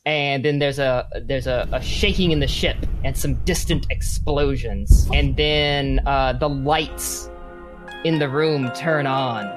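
A man running a tabletop game as game master, narrating with frequent pauses and fillers. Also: mid-range voice, over music. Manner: hesitant, lots of uh and um, laughing.

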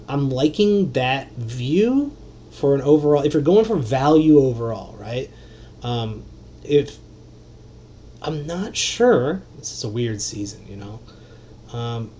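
Excitable rambling male podcast host, muffled. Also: mid-range voice. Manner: rambling, excitable, with profanity and fillers. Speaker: fantasy basketball podcast host. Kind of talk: solo podcast talk.

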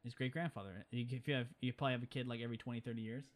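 A man's voice: mid-range voice, fairly even intonation, very fast. Rambling man recapping a movie. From California. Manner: rambling, emphatic, restarts often. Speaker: podcast co-host. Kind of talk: casual movie recap chat.

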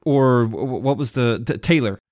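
A man's voice: mid-range voice, normal speed, a little mellow, no echo, clean studio sound. A man chatting casually, rambling a bit and searching for words. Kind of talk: casual chat.

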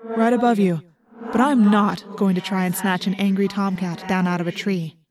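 A woman reading as a calm boy trapped as a hawk. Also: medium pitch, normal speed, music in the background, close to an everyday voice. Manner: plain, calling down from above.

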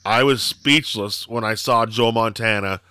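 A man's voice: lowish voice, a little slow, pushed and bright, smooth, no room sound, studio quality. A man co-hosting a podcast, chatting casually and telling rambling stories with lots of fillers and swearing. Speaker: podcast co-host. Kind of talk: casual chat.

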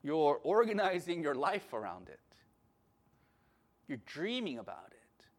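A man preaching a sermon with passion, at times loud, at times calm. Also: a little high, a little slow. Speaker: pastor.

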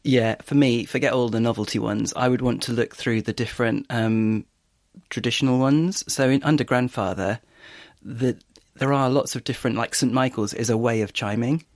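A middle-aged man co-hosting a podcast, talking in a soft, laid-back way while he tries out a smart speaker app. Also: medium pitch, normal speed, no room sound, clean studio sound. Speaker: podcast co-host. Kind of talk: casual chat, demonstrating a smart speaker app.

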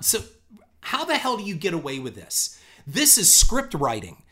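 A man's voice: sits high, wildly swooping pitch, moderate pace, bright, forceful tone. A man giving a ranting, profane commentary, sarcastic and scornful, hammering his points with repetition. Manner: emphatic, punchy repetition.

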